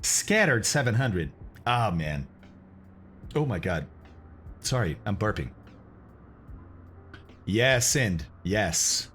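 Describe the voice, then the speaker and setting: Groaning and exclaiming about candy that tastes awful, a flight simulator streamer chats loosely with his live audience, thanking viewers and responding to the chat. He speaks on the low side, very animated yet slow, pausing often, in a slightly bright tone. Slight background noise can be heard.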